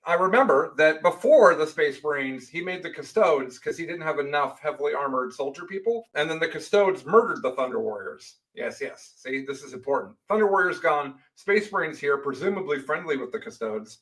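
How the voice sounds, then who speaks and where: A man's voice: fairly high pitch, lively intonation, fairly quick, few pauses, fairly bright tone, rough recording. Playful, sarcastic man recapping in casual chat. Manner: playful, sarcastic, puts on silly quoted voices. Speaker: podcast co-host recapping lore.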